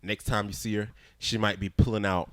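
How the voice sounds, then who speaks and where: A man's voice: lowish voice, brisk, no room sound, studio quality. A young man co-hosting a podcast, telling a story in a blunt, direct way and acting out both sides of the conversation. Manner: animated, acts out both sides of conversations in quoted voices. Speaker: podcast co-host. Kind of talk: casual storytelling chat.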